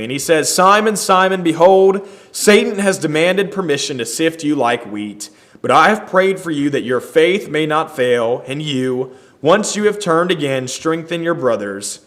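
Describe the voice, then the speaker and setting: A man's voice: fairly high pitch, fairly bright tone. A man leading a Bible study, reading scripture aloud and explaining it earnestly.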